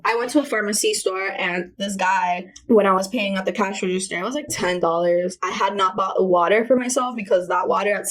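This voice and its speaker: A woman vlogging in a casual, candid way, telling personal stories with slang and filler words as she rambles on. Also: mid-range voice. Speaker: self-help vlogger.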